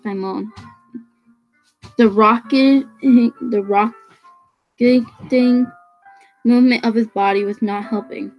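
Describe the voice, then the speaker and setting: Casual reader: a woman with a raised pitch who trips over words while reading a novel aloud. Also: steady tone, takes it slowly, long pauses, muffled recording, soft background music. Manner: stumbling over words, restarting phrases.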